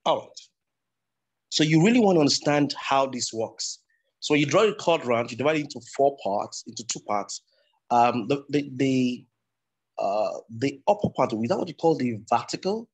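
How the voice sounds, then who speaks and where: Man, public speaking teacher, breathy husky voice, online class, repetitive explaining. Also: mid-range voice, lively intonation, moderate pace.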